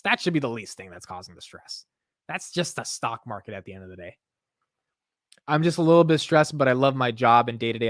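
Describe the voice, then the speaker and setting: A man's voice: mid-range voice, fairly bright tone, no room sound, studio quality. A young man hosting a late-night livestream, rambling loosely and reading viewer comments aloud, with "yo" and "bro" thrown in often. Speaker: livestream host.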